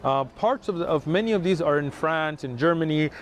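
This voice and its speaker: Man, slightly higher voice, earnest and persuasive, street conversation outdoors. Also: brisk. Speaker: religious outreach volunteer. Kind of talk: street conversation explaining religion. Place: outdoors in a city.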